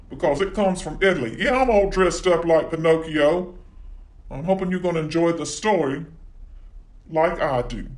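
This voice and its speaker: A man's voice: fairly high pitch, normal speed. A man reading a children's story aloud in a playful, folksy way. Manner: folksy, playful, voices the characters. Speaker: library storyteller. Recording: echoey room.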